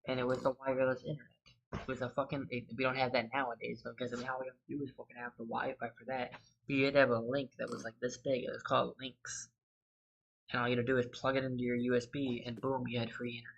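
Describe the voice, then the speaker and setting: A man's voice: mid-range voice, flat delivery, quick pace, gravelly, lo-fi sound. A man hosting a gaming channel, chatting casually and rambling through a story over his gameplay, losing his thread and swearing freely.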